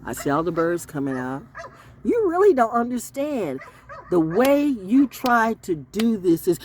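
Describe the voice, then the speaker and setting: A woman storyteller rants straight to her camera with a very lively, swooping pitch. She lurches from loud, high outbursts down to low, muttered asides, cursing freely as she goes. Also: normal speed, a little hiss or hum. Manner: profane, swinging from loud highs to low mutters. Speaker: online storyteller and broadcaster. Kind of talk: unscripted ranting monologue.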